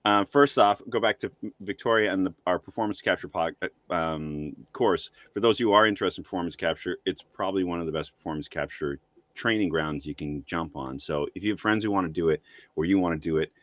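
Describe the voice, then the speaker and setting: A male voice actor chatting on a livestream over a video call, explaining things in a relaxed way. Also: low voice, brisk, dry recording. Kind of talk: livestream chat.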